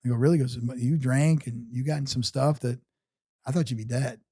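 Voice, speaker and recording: Older male guest, sixties, earnest storyteller, warm low tone, close and dry. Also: fairly even intonation, a little fast, slightly rough, dry recording. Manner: earnest, rambling with frequent restarts. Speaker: podcast guest. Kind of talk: casual storytelling interview.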